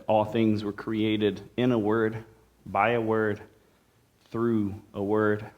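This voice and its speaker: A male pastor preaching a sermon in a conversational way, with playful asides to the congregation. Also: fairly low pitch. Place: church sanctuary.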